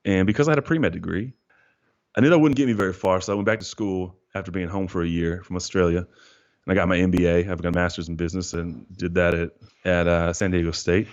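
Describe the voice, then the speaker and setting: A man in his thirties telling a personal story casually on a podcast, animated and saying "dude" a lot as he acts out his own thoughts. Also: low voice, fast talker. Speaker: guest. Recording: dull lo-fi podcast audio.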